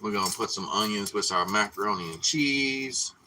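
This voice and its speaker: A man with a low, forceful, sharp-edged voice, chatting loosely to his viewers while he cooks at home. He swears freely and keeps up a steady, casual running talk. A faint hiss sits under the voice. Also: moderate pace, rough recording. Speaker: livestream cooking host. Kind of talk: casual live-stream chat while cooking. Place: home kitchen.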